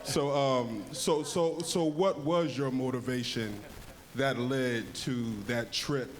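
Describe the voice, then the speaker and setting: A man's voice: medium pitch, steady tone, slow. Eager man jumping in with questions. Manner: eager, jumps in with stammered restarts. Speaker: panel interviewer. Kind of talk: casual on-stage interview.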